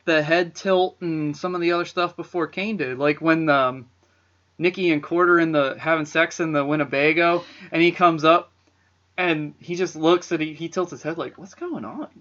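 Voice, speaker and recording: A man co-hosting a casual horror film podcast, talking excitedly about favorite scenes and acting them out. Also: a little high, moderate pace. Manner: enthusiastic, acts out scenes in quoted voices. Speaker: podcast co-host. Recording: dull lo-fi podcast audio.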